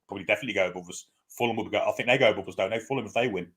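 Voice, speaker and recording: A man co-hosting a casual live stream, talking quickly and opinionatedly and often asking for agreement. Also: lowish voice, fairly bright tone, breathy edge. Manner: rapid, opinionated, asks for agreement. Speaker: co-host.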